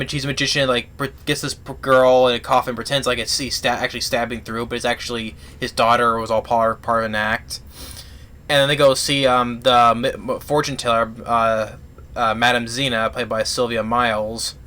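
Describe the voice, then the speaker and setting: A man's sharp-toned, mid-range voice barely moves in pitch as he reviews a movie casually. His plot summary rambles and halts, with many false starts.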